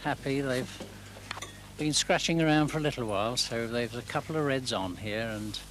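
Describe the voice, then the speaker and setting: A man's voice: medium pitch, normal speed. Guy doing laid back snooker commentary, hissy old tv recording. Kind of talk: sports commentary. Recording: hissy 1980s TV broadcast.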